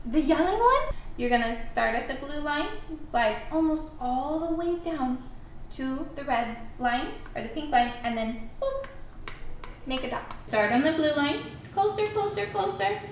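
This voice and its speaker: Woman teacher, high and very lively, encouraging child-lesson delivery; echoey room, distant mic. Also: measured pace, a little hiss or hum. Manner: animated, encouraging, step-by-step prompting. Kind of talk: guided writing lesson for a young child.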